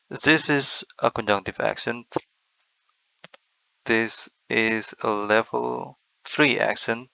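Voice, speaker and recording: A man's voice: lowish voice, gravelly, pushed and bright, no room sound, rough recording. A man giving a methodical screen-recorded lecture, walking through slides step by step. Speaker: lecturer on Bible accents.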